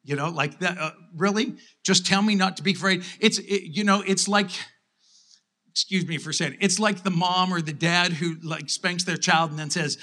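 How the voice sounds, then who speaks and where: A man's voice: sits high, moderate pace, bright, forceful tone. A man preaching a conversational sermon to his congregation in church, playfully acting out skeptical disciples between scripture readings. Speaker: pastor.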